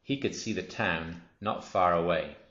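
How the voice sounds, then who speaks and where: A man narrating a children's story aloud in a steady, expressive reading voice. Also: low voice, unhurried. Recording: roomy, dull lo-fi.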